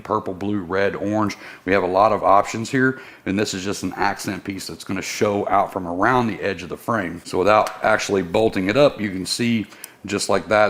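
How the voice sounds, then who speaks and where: Guy in a bike shop talking you through an install, kinda deep, easygoing. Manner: casual, step-by-step instructional, friendly shop talk. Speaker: service technician. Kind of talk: how-to install demonstration. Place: motorcycle workshop.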